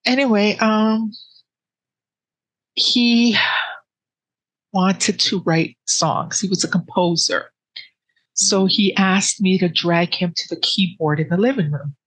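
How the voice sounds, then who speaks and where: A woman telling her personal grief story in an interview, with earnest, halting speech full of restarts that sits close to tears. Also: medium pitch, no room sound, poor audio. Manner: soft and emotional, close to tears.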